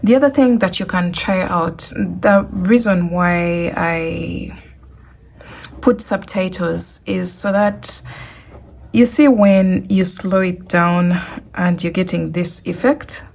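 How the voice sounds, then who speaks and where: A woman's voice: on the low side, slow pace, gravelly, a little mellow. A woman hosting a crochet tutorial, talking casually and walking through each step, often repeating herself. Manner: chatty, repeats instructions.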